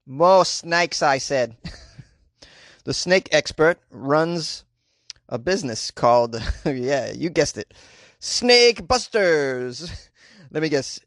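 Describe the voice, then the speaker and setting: A wisecracking man reads news items and riffs on them with sarcasm. His voice sits a little high, and he laughs at his own jokes. The recording is dry and close. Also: expressive, slow, a bit bright, no echo. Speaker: comedic news commentator. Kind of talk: reading news with joking commentary.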